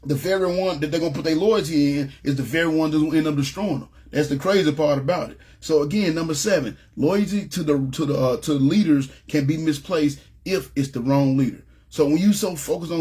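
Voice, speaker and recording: A man's voice: fairly high pitch, a little mellow, slightly rough. A man teaching a casual Bible lesson to a ministry group, talking conversationally and often checking in with his listeners. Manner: conversational, often asks "you know what I'm saying".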